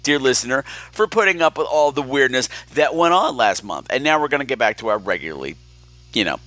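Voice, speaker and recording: Male podcast host, campy and sardonic, bright and lively, dry close sound. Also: medium pitch, brisk, no echo. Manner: campy, sardonic, animated storytelling. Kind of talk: casual chat.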